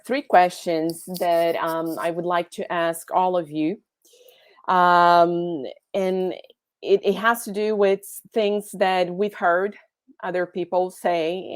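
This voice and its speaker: A woman's voice: lowish voice, fairly even intonation, takes it slowly, dry recording. Hesitant woman moderator with dry sound. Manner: hesitant, lots of restarts. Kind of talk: hosting a round table. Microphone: video call.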